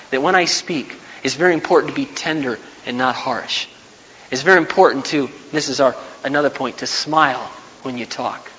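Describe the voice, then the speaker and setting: A man giving a sermon in a conversational, storytelling manner, with sudden loud bursts. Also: fairly high pitch, lo-fi sound. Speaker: preacher. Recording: hall reverb, faint background noise.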